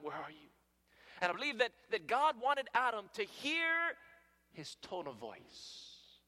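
A man preaching a sermon, calling out to his listeners as friends, rising to loud emphatic peaks and dropping to hushed near-whispers. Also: high voice. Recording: long hall reverb.

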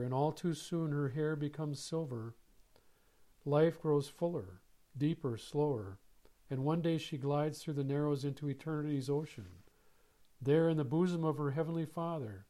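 A man preaching a sermon, reading scripture and a story in a slow, measured way with solemn pauses. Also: on the high side, mellow.

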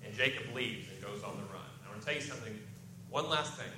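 This expository sermon comes from a man with a lowish voice who talks fast. He reads passages of scripture aloud, then explains them in simple, conversational terms, captured in an echoey room with a little ambient noise.

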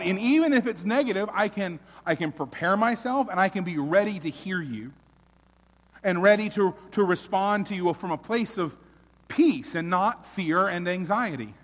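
A man preaching a sermon as pastor, earnest, swelling loud and then dropping almost to a hush. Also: high voice, normal speed, in a large hall.

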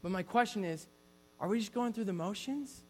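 A man's voice: sits high, brisk, in a large hall. A man preaching a sermon in an earnest storytelling way, often restarting his sentences.

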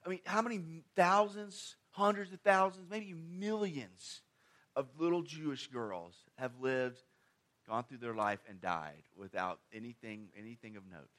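A male preacher with a voice sitting a bit high for a man, delivering a sermon. He talks conversationally, leaning hard on key phrases and dropping to quieter asides, with plenty of rhetorical questions. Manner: swings between loud stressed phrases and quiet asides.

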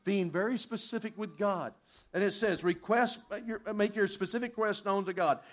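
High-voiced animated male preacher. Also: normal speed. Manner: animated preaching, acts out prayers in a softer voice. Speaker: pastor. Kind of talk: sermon.

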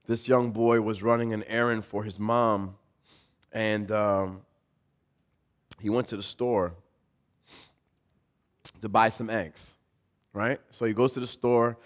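A man in his thirties, a pastor preaching a sermon in a casual, storytelling way with light self-deprecating humor. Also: medium pitch.

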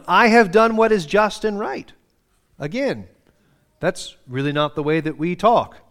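A man's voice: high-pitched, fairly bright tone. Earnest male pastor preaching a sermon. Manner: earnest, reads scripture aloud with feeling, conversational asides.

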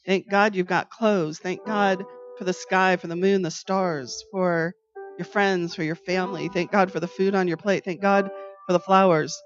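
A woman's voice: lowish voice, fairly even intonation, moderate pace. A woman hosting a devotional podcast, telling a family story in an earnest, conversational way with frequent restarts. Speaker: podcast host. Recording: slightly dull recording with faint music.

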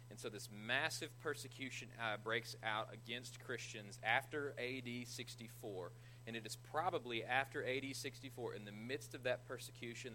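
A man preaching a conversational sermon as a pastor, retelling scripture with animated energy and self-deprecating humor. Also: medium pitch, a little hiss or hum, poor audio.

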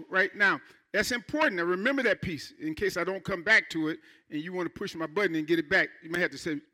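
Bright high-voiced male preacher. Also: expressive, quick pace. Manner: fervent preaching with call-and-response. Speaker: pastor. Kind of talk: sermon. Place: church.

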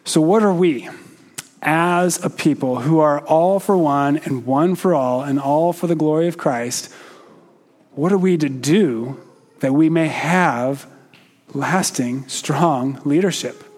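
With a slow, measured delivery full of pauses, this preacher periodically turns questions toward his congregation. He speaks on the high side with a darkish tone.

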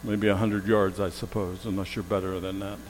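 A man's voice: sits low, level tone, a little fast. A man preaching a sermon as a pastor, telling stories and acting out what people said, repeating key phrases for emphasis. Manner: storytelling, acts out quoted voices, rising emphasis on repeated phrases. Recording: long hall reverb.

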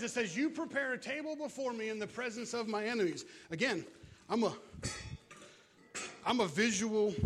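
A man preaching a sermon, animated and joking, out of breath as he moves about with props. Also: high voice, husky. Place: church.

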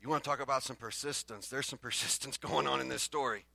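A man preaching a sermon as pastor, swinging between loud bursts and hushed lines and acting out the exchanges between the prophets. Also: mid-range voice, fairly even intonation, fast talker, gravelly, no room sound. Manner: acts out the exchanges between the prophets in their own voices.

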